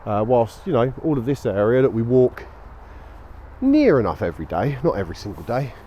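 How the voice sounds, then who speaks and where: A man's voice: mid-range voice, very animated, brisk, mellow, slight background noise. Tired man rambling on a walk. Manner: rambling and easygoing, with frequent fillers. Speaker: vlogger walking his dog. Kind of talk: casual walk-and-talk chat. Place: outdoors on a local street at dusk. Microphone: small action camera.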